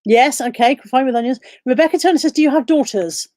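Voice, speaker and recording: A woman's voice: high voice, quick pace, a little mellow, dry recording, clean studio sound. Chatty woman reading viewer questions. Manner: reads viewer questions aloud and answers them. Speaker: live stream host. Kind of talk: casual live-stream chat.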